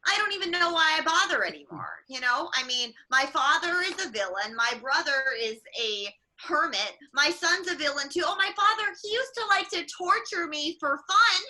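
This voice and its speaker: Her voice sits high, very animated, pushed and bright in a full character voice, moving at normal speed with few pauses. A woman comedian, on a livestream mic, gripes sardonically as a weary middle-aged space princess and mother, tossing in mock-weary asides.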